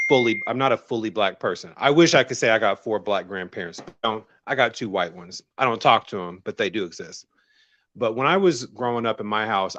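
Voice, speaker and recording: A man's voice: medium pitch, no room sound, dull audio. A man from the American South, a guest telling stories in casual conversation, laughing often. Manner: laughs often, relaxed storytelling.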